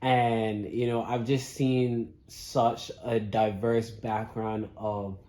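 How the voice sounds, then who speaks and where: A man with a British accent, a guest on a casual podcast, talking in a relaxed, easygoing way and saying "you know" often. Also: lowish voice, slow, reverberant.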